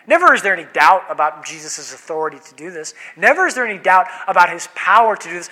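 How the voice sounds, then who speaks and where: A man's voice: high-pitched, very animated, fast talker, hardly any pauses, pushed and bright. A man preaching a sermon in a conversational way, asking rhetorical questions and voicing quoted speech. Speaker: pastor. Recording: long hall reverb.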